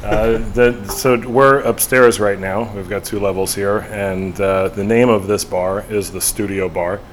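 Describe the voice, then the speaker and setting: Male bar manager with a smooth, lowish voice, relaxed and easygoing, and a soft room hum behind him. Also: measured pace, rough recording. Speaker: bar general manager, guest. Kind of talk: casual interview chat.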